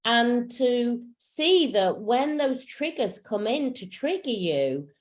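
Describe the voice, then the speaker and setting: A woman speaks slowly in a fairly high voice that swings widely in pitch. She's a spiritual coach teaching over a video call, and her style is casual and blunt, packed with filler words and the occasional curse.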